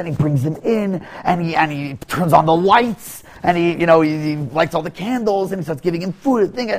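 Man, fairly high voice, halting, repeats words, storytelling lesson.

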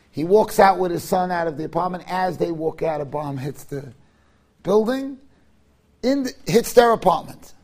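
A man, a rabbi, giving a sermon and telling a story in an animated way, moving between hushed passages and loud ones. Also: high-pitched, moderate pace, background noise.

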